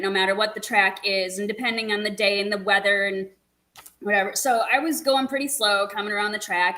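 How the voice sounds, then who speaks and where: A woman guest telling a racing story in an animated, laughing, quick way. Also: medium pitch, poor audio. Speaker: guest, motorcycle racer. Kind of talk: casual storytelling chat.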